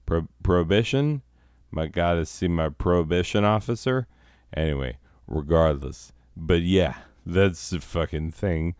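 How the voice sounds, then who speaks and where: A man's voice: rumbling low, a little mellow, clean tone, no room sound, studio quality. A man hosting a comedy podcast, telling a rambling, profane story full of asides and self-corrections. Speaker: podcast host.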